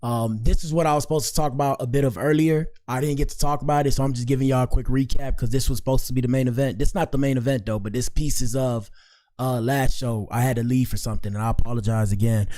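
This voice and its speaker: A man's voice: mid-range voice, steady tone, fast, dark tone. A man hosting a show, chatting casually and giving laid-back, slangy commentary between clips. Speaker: host.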